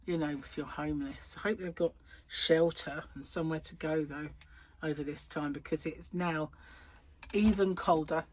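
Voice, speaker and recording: A woman's voice: sits low, fairly even intonation, moderate pace. A middle-aged woman hosting a crochet channel, chatting casually at home, rambling and laughing often. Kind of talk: casual chat to camera. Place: at home, indoors.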